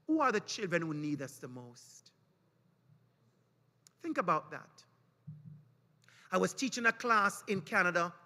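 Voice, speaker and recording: A Caribbean man with a high, bright, ringing voice gives a preaching-style keynote in a large hall. He tells his stories with animated energy and slips into the voices of the people in them. The long reverb of the hall trails after his words. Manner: animated storytelling with acted quotes. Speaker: conference speaker. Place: conference hall.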